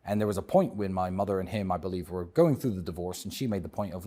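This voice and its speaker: A British-accented man speaks as an interview guest, his voice sitting low with a husky, slightly rough edge. He talks in a measured, reflective way but does not hold back his opinions. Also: mellow. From England. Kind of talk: casual interview talk.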